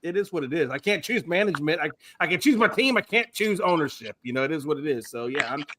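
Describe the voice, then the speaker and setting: A man's voice: fast, a little hiss or hum. A man co-hosting a casual sports talk show, bantering and teasing the others with big swings in his delivery. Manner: teasing, laughing, animated swings in pitch. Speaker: podcast co-host. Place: lives in Houston.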